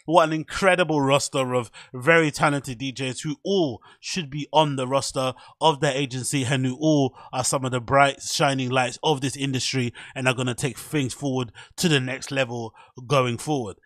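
A man's voice: mid-range voice, moderate pace, a bit bright, no echo, studio quality. A man hosting a casual solo podcast, chatty and self-mocking. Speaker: podcast host.

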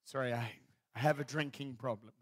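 A pastor with a mid-range voice speaks a little fast in his sermon, bringing stories to life by acting out scenes. He's warmly funny and laughs at what he tells. The recording has no echo.

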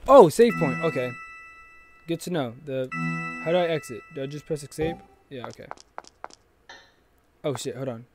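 A man playing a game and commenting on it, joking and swearing a lot with sudden loud outbursts. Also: on the high side, animated, moderate pace, long pauses. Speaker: gaming channel host. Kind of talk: let's play commentary. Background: game music.

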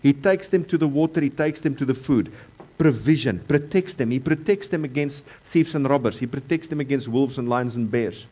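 A man with a South African accent preaching a sermon in a church, repeating key phrases and swinging between loud emphasis and quieter stretches. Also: mid-range voice, fairly quick, hardly any pauses. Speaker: pastor.

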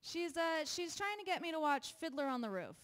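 A woman's voice: high voice, big pitch swings, fairly quick. A young woman doing a stand-up comedy set on a live stage, chatty and self-deprecating, laughing between her jokes. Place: live venue with an audience.

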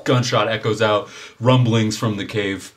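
Game master man, energetic narration. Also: fairly low pitch, unhurried. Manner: energetic, descriptive, many fillers.

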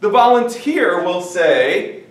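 Lively male Spanish teacher, echoey classroom. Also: high voice. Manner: lively, jokey, stretches out Spanish words slowly. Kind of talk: classroom vocabulary lesson. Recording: echoey room, mic at a distance.

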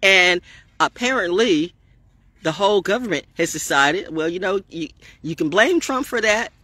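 A woman's voice: lowish voice, animated, normal speed, fairly bright tone, dry recording. A woman giving a rambling, defiant spiritual monologue on her vlog, streetwise and preachy, swearing freely. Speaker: spiritual vlogger.

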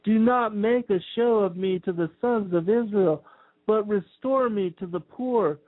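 Man reading a sorry woman praying to god, high and slow, tinny audio. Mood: pleading. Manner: slow, solemn scripture reading. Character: repentant woman begging God for mercy. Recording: tinny phone-like sound.

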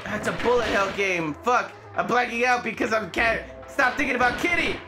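A gamer giving casual, excitable commentary while playing, joking around and swearing freely. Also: medium pitch, normal speed. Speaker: let's play gamer. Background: game music.

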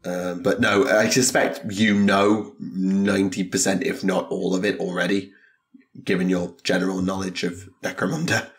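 Man, podcast co-host, measured and hesitant, lowish voice. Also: flat delivery. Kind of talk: casual podcast chat.

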